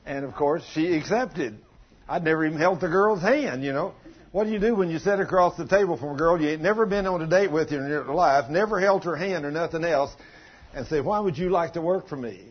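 An older man preaching a sermon, telling a folksy story in plain country grammar, with a husky voice. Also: fairly high pitch, a little fast, dull audio. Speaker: pastor.

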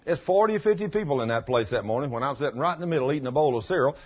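In a dull, lo-fi recording, a man with a medium-pitched voice preaches a folksy sermon at a rapid-fire, animated clip. He tells a testimony in storytelling fashion and rises into fervent outbursts.

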